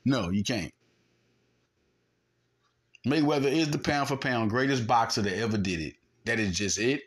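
In a mid-range, fairly bright tone and at a slightly quick clip, this podcast host argues heatedly about sports in an animated monologue. He throws in sound effects to imitate punches.

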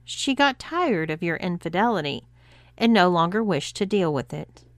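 A woman's voice: fairly low pitch, very animated, moderate pace, no room sound. A woman voicing a stern, commanding female cruise director who speaks with cool, controlled authority.

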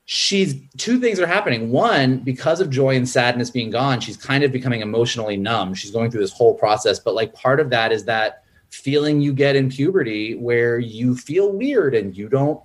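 A man in casual film talk, a screenwriter who acts out character lines in a raised, lively voice. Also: normal speed. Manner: animated, acts out character quotes in a higher voice. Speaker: screenwriter and podcast guest.

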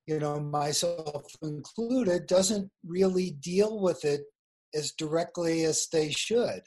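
A man's voice: fairly high pitch, slow, a little mellow. A man being interviewed as an author over a video call, telling a story in a chatty, laughing way. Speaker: guest author. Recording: video call audio over weak wifi.

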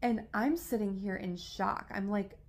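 A young woman co-hosting a casual podcast, recounting a personal story with animated energy. Her voice has a gravelly, fry-tinged texture. Her speech is loose and peppered with "like.". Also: medium pitch, measured pace. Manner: animated, frequent "like" fillers, rising into excited retelling. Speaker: podcast co-host.

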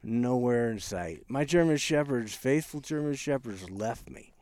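A man telling a story in casual chat, halting and low-key, with frequent restarts. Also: animated, a little mellow, no room sound.

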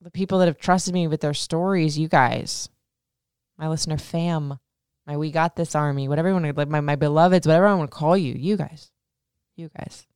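A woman's voice: sits low, fairly quick, darkish tone, smooth, no echo. A woman in her thirties hosting a casual podcast, answering listener questions in a frank, profane way, full of "like," sounding emotional and close to tears. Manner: frank, profane, heavy use of "like".

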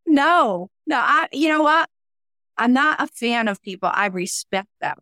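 A woman's voice: a little high, measured pace, no echo, studio quality. A woman working as a mental skills coach, talking in a casual interview and acting out the people she quotes. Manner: animated, acts out quoted voices.

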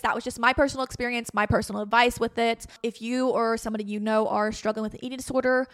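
A young woman in her twenties hosts her own podcast in a chatty, candid voice, with bursts of loud, playful emphasis. Her voice sits a little high and sounds bright and forward. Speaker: podcast host. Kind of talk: casual solo podcast talk.

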